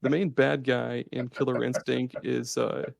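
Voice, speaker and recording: A man co-hosting a podcast in casual chat, excited and swearing freely as he rambles. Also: mid-range voice, a little slow, gravelly, no echo. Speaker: podcast co-host.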